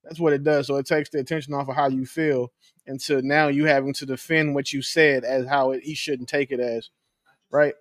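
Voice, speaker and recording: A man co-hosting a casual podcast chat, explaining his thoughts in a halting, thoughtful way. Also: medium pitch, flat delivery, no room sound, clean studio sound. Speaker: podcast co-host.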